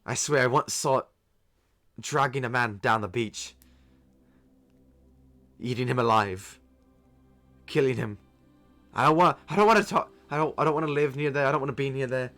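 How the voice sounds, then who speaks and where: A man's voice: medium pitch, normal speed, long pauses, a bit bright, soft background music, close to an everyday voice. A man voicing a shaken old fisherman who stammers and bursts into panic in a tabletop game. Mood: rattled. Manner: stammering, rising to panicked outbursts. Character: shaken old male fisherman, haunted and jumpy.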